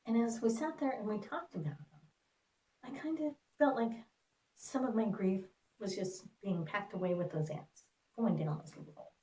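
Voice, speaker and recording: A woman telling a personal story in an earnest, reflective way, with pauses. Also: mid-range voice, mellow. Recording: roomy, distant mic.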